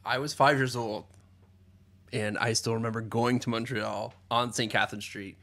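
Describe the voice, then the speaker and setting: A man's voice: medium pitch, steady tone, normal speed, a bit bright. A man from Quebec co-hosting a podcast, telling an easygoing childhood story. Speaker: podcast co-host. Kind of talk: casual live podcast banter.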